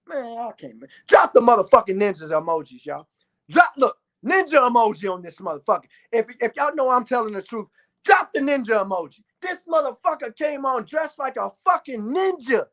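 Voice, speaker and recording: A man in his thirties delivering a loud, profane ranting monologue to his viewers, with bursts of shouting. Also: sits high, animated, fairly quick. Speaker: vlogger.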